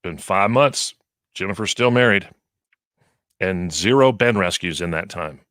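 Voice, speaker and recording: A man's voice: sits low, animated, unhurried, a bit bright, no room sound, clean studio sound. A man hosting a morning radio show, playful and teasing as he prompts comedy bits. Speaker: radio host. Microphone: studio microphone.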